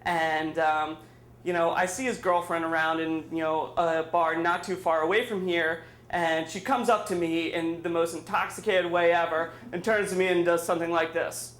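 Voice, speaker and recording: A man's voice: a little high, fairly even intonation, moderate pace, fairly bright tone. A man telling a funny personal story at a live storytelling night in a bar, rambling and full of fillers as he mocks himself. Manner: rambling and filler-heavy, self-mocking humor. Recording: echoey room with faint ambience.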